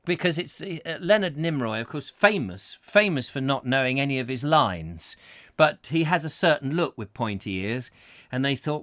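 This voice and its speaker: A man's voice: mid-range voice, expressive, normal speed, a bit bright, dry recording, studio quality. A man hosting a comedy chat show, rambling playfully through viewer comments and slipping into silly voices. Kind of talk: rambling comic live-stream chat.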